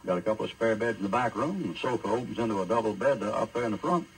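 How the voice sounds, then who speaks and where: A preacher doing Lot as a folksy old host. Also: male voice, on the low side, racing, breathy edge, rough recording. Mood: friendly. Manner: drawling, neighborly, stammering.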